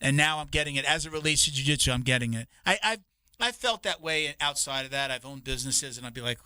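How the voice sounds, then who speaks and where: A man's voice: medium pitch, animated, quick pace, bright, forceful tone, clear, resonant tone, dry recording. A man co-hosting a podcast, talking casually and rambling, swearing and restarting his sentences often. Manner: rambling, profane, with many restarts.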